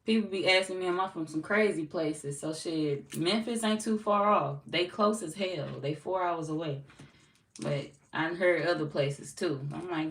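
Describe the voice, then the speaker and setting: With a fairly low pitch and a moderate pace, a St. Louis woman with a local accent reads tarot and talks bluntly and casually to her live chat, laughing and cursing a lot. She's from the US Midwest. The audio is echoey, captured from a distant mic, with faint noise.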